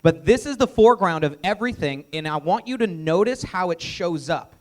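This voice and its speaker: A man presenting a live sales training workshop, energetic and emphatic, often quizzing the audience. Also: sits high, fairly quick.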